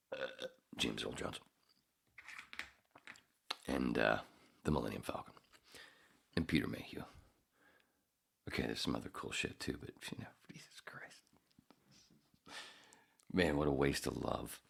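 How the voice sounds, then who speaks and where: Male podcast host, husky low voice, profane rambling monologue. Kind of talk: casual monologue.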